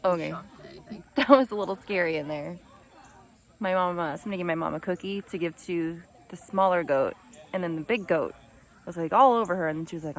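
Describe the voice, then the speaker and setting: A young woman vlogging at an outdoor farm sanctuary, chatty and excitable, cooing at the animals. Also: fairly low pitch, a little fast. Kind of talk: casual vlog narration.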